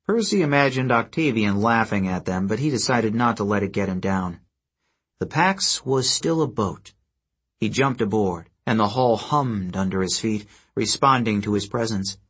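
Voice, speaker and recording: A man reads an audiobook in a steady, scripted storytelling manner. His voice is husky and mid-pitched. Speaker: audiobook narrator. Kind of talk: scripted narration.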